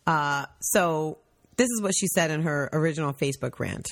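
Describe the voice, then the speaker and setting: A woman's voice: low voice, animated, moderate pace. A woman co-hosting a podcast in casual chat, blunt and frank in how she talks. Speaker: podcast co-host.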